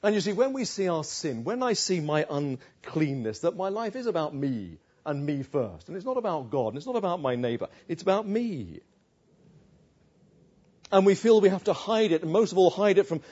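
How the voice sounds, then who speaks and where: Male preacher, emphatic sermon, husky tone, dull lo-fi recording. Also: sits high, big pitch swings, moderate pace, mellow. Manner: emphatic, asks rhetorical questions.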